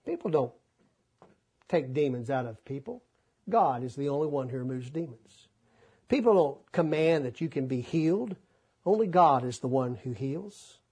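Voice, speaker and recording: A man preaching a folksy, animated sermon, acting out the scripture voices as he reads. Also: medium pitch, moderate pace, breathy edge.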